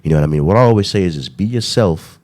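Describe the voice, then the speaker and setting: A man's voice: deep voice, expressive, racing, darkish tone. A young adult man hosting a podcast, talking in a slangy, rambling way and tagging lines with "you know what I mean". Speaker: podcast host. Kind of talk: casual podcast chat.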